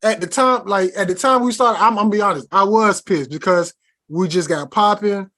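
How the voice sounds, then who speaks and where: A man's voice: sits high, brisk, sharp tone. A man hosting a podcast, talking in loose, slangy casual chat with lots of restarts. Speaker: podcast host.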